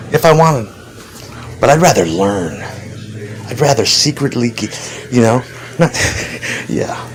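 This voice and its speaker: Man, mid pitch, rambling profane monologue, laughs a lot, faint traffic hum behind. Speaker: vlogger.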